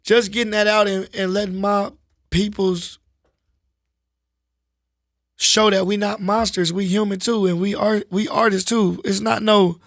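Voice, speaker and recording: A man talking casually in an interview, relaxed and slangy, often saying "you know what I'm saying.". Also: high voice, measured pace, long pauses, dry recording, clean studio sound. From Los Angeles, US. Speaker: rapper guest. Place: studio.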